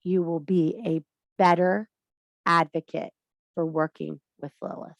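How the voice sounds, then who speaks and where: A woman's voice: lowish voice, steady tone, unhurried, creaky, no room sound, lo-fi sound. A woman giving a blunt, emphatic spiritual talk to the viewer, swearing freely and lecturing. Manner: preachy, addresses viewer directly. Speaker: spiritual teacher. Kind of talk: spiritual monologue to camera.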